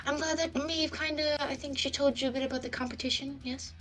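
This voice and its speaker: A woman's voice: sits high, fairly even intonation, quick pace, a bit bright, voice pushed up. A woman voicing a chatty young male hustler with wheedling salesman patter, in a tabletop game. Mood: scheming.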